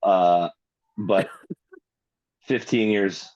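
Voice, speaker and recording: A man's voice: sits low, steady tone, extremely slow, a little mellow, no echo, lo-fi sound. A man co-hosting a podcast, teasing his partner in casual banter with sarcastic, profane jabs. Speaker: podcast co-host.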